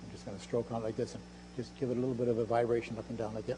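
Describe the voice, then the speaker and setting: An older man with a medium-pitched voice speaks in a level tone at a rapid-fire pace, giving a live stage lecture with magic demonstrations. His patter is playful and self-mocking, like a showman's, delivered from a lecture hall stage before an audience. The live hall recording carries a faint hum, with audience laughter in the background.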